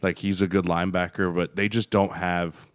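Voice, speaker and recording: A man with a very deep, low voice talks football in blunt, emphatic bursts, cursing freely. His sound is dry and close on a podcast mic. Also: flat delivery, moderate pace, clear, resonant tone, no room sound. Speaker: podcast co-host, former offensive lineman. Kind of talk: casual sports chat.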